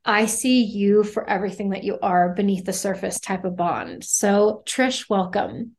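Heartfelt woman host of an interview podcast, mid-range voice, sometimes slows down. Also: medium pitch, lively intonation.

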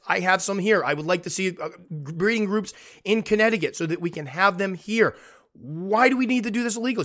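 Earnest man arguing in a higher voice. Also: fairly bright tone. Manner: earnest, argumentative, fires off rhetorical questions. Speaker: podcast host. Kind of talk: impassioned monologue.

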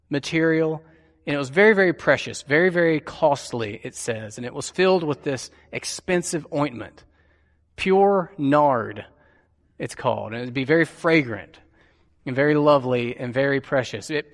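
A man gives a sermon in a church sanctuary, walking listeners through a scripture scene with vivid, deliberate storytelling. His voice sits a bit above the usual male pitch, and he stresses key words slowly. A long reverb trails each phrase, as in a large hall. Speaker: preacher.

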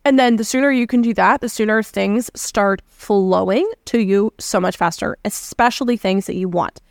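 A woman talks through a solo podcast episode in an earnest, conversational coaching manner. Her voice sits at an ordinary middle pitch. The sound is dry and close, with no room around it. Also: moderate pace, creaky, no echo. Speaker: podcast host.

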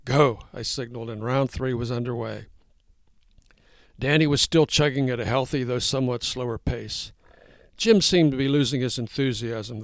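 A man reading his own first-person story aloud, with a wry tone and lively voices for the dialogue. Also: mid-range voice, no room sound, studio quality.

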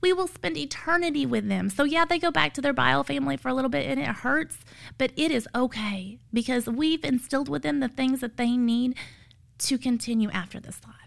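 A tired foster mother gives a heartfelt, emotional testimony of faith, her earnest story climbing to emphatic peaks. She speaks fairly quickly in a high, creaky voice.

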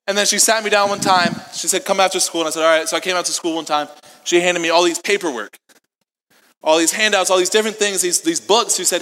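A young man preaches to a youth group in a bright, high, sharp voice. He tells stories casually and acts out both sides of the dialogue. His voice rings with a long hall reverb. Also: quick pace. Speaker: youth pastor.

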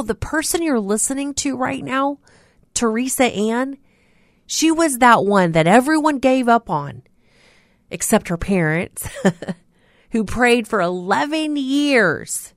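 A woman preaches a radio devotional in a slow, deliberate delivery, earnest and emphatic. Her voice sits at a middling pitch and comes across dry and close, with no room sound. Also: dry recording. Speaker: radio host. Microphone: studio mic.

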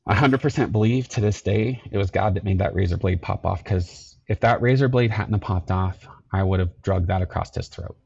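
Low raspy guy, earnest, stops and restarts a lot, dull dry sound. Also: darkish tone. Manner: earnest, halting, repeats himself. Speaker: podcast guest, security company owner. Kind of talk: telling his life story.

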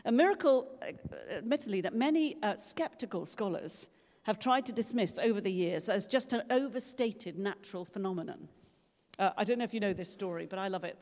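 This preacher is a woman with a mid-range, darkish voice and lively intonation, speaking fairly quickly. Her sermon is conversational and story-driven, with quoted voices acted out, and the large church adds a long reverb.

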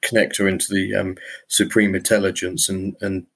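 A man with a somewhat low voice co-hosts a casual podcast. He recaps a film's plot in a chatty way, hesitating often with ums and repeated words. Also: level tone, normal speed, gravelly, a bit bright, husky. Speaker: podcast co-host. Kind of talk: casual film-discussion chat.

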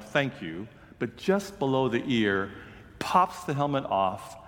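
A male pastor delivers his sermon slowly and deliberately, in a mid-pitched voice. His earnest, measured storytelling rings out with a long hall reverb.

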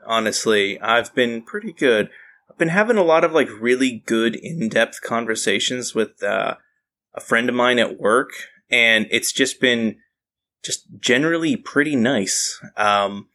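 A man's voice: medium pitch, animated, unhurried, pushed and bright. A man co-hosting a podcast, joking crudely and telling stories in casual chat. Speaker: podcast co-host.

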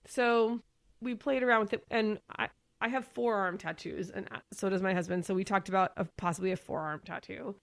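A woman's voice: mid-range voice, fairly even intonation, fairly quick, gravelly, no room sound. A woman in her thirties co-hosting a podcast in casual chat, who laughs often and trails off and restarts her sentences. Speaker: podcast co-host.

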